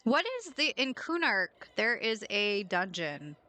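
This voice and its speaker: Bright, playful woman streamer. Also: mid-range voice, big pitch swings, unhurried, low-quality recording. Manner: chatty and playful, giggling at her own jokes. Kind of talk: casual chat while gaming.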